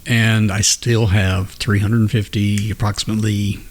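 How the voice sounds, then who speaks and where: A man's voice: on the low side, little pitch movement, a little slow, slight background noise. A man co-hosting a casual podcast, talking in an easygoing, rambling way. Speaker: podcast co-host. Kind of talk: casual chat.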